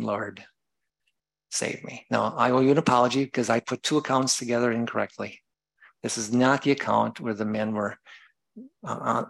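A male preacher with a gravelly, fry-edged voice, delivering a sermon. He reads scripture passages aloud and then explains them in plain terms. He sometimes stops to correct himself. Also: mid-range voice, low-quality recording.

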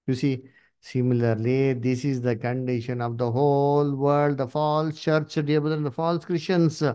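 A man preaching at a Bible study, emphatic and repetitive, swinging his pitch up and down. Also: level tone, a little slow, dark tone, clean tone. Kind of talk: sermon with Bible reading.

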